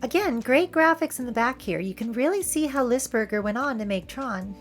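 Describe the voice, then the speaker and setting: A woman's voice: fairly high pitch, animated, brisk, over loud music. A woman from California with a Valley Girl accent, hosting a playful, wry commentary over film clips. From San Francisco area, California. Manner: playful, wry, joking asides. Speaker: video essay host.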